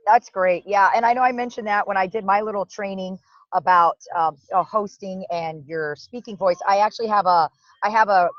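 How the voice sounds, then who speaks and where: A woman's voice: mid-range voice, no room sound. A woman who hosts and coaches speakers, interviewing a guest on a video call in an upbeat way. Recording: dull lo-fi video-call audio.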